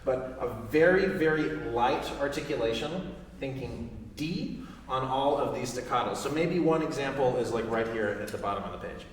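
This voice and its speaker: In a recital hall with an audience, a man leads a saxophone master class, speaking at medium pitch and normal speed. He encouragingly quizzes the student and sings articulation syllables to demonstrate. The recording is distant and echoey with faint noise.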